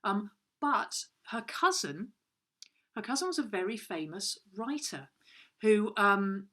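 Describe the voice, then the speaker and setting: A woman's voice: mid-range voice, expressive, takes it slowly, pushed and bright. Whimsical woman telling tales. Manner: whimsical, rambling, mock-serious. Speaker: co-host of a comedy kids' lesson. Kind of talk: playful storytelling to camera. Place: at home.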